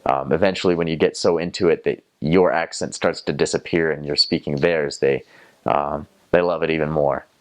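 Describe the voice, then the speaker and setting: A man's voice: a bass voice, fairly even intonation, normal speed. A young man casually recounting the languages he learned, rambling with lots of fillers and sounding out foreign words as he goes. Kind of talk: casual storytelling to camera.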